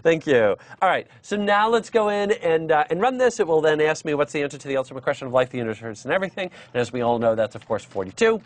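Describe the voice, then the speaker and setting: A man's voice: a little high, expressive, quick pace, hardly any pauses. A man teaching programming on a live stream, chatty, with many fillers and restarts. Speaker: programming instructor. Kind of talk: live-streamed coding lesson.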